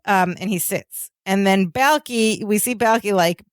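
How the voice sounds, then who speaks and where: A woman's voice: medium pitch, unhurried, dry recording, studio quality. A woman co-hosting a podcast, casually recapping a sitcom scene and acting out the lines she quotes. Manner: animated storytelling, acts out quoted lines. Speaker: podcast co-host.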